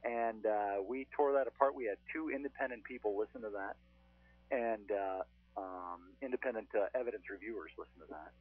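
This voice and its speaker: Male ghost-hunter guest, chatty storyteller, husky, dry phone sound. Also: lowish voice, brisk, dry recording. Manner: chatty, storytelling, frequent "uh" fillers. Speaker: paranormal investigator guest. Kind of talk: casual podcast chat. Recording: thin phone-line sound.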